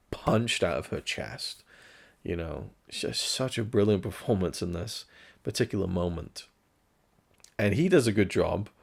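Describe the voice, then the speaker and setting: A man's voice: low-pitched, creaky. A man giving a casual spoken film review, musing and candid, now and then swearing.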